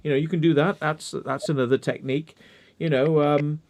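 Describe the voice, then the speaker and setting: A man's voice: on the high side, fairly even intonation, a little fast, a little mellow. A man hosting a casual live chat, rambling and leaning on "you know" as he explains things.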